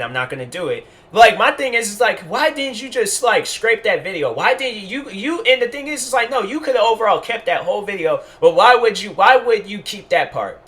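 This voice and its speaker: A man's voice: a little high, pushed and bright. A young man hosting a solo podcast, rambling with heat and lots of repeated fillers as he comments. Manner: rambling, heated, repeats "bruh" and "I'm like". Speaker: podcast host.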